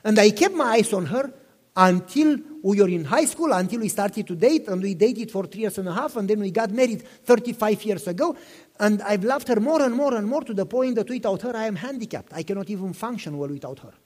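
A man's voice: high-pitched, expressive, fairly quick, a little mellow. A pastor in his fifties preaching a sermon, telling personal stories with passion, repeating himself and asking listeners questions. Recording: long reverb in a hall.

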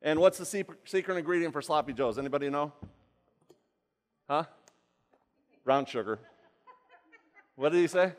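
A man's voice: a little high, normal speed, pauses often. A man giving a live cooking demonstration, chatty and rambling, often asking the audience questions. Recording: long hall reverb.

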